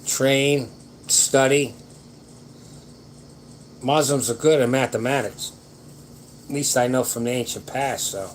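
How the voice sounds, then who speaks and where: A man's voice: medium pitch, fairly even intonation, slow, long pauses, poor audio. Older male host, casual late-night advice chat, folksy and rambling, slight background hiss. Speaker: livestream host answering viewer questions.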